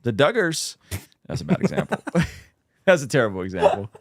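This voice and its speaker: Animated man in casual commentary. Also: mid-range voice, normal speed, dry recording. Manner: animated, exclaiming, trailing off into restarts. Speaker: podcast host.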